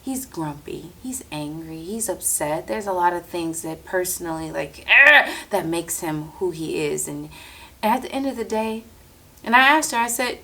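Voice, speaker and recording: Speaking at normal speed in a lowish voice, this podcast host tells a story close to the mic. Her monologue is casual and animated, with quotes acted out and plenty of free swearing.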